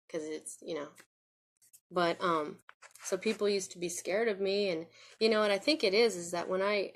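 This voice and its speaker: A woman telling a personal story to camera, rambling and circling back with many restarts and fillers in an earnest, confiding way. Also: fairly low pitch. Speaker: vlogger. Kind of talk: personal spoken reflection.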